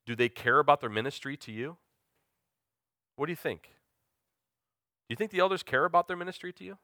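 Guy preaching a sermon, earnest and confessional, keeps asking the crowd questions, sharp bright tone. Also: fairly high pitch, animated, brisk, dry recording, clean studio sound. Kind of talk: sermon with personal testimony.

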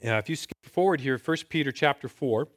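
A man's voice: mid-range voice, a little fast, a bit bright. A man in his thirties giving a conversational sermon as a pastor, asking rhetorical questions and leaning hard on key words. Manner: conversational preaching with rhetorical questions and emphatic rises. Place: indoors, filmed talk.

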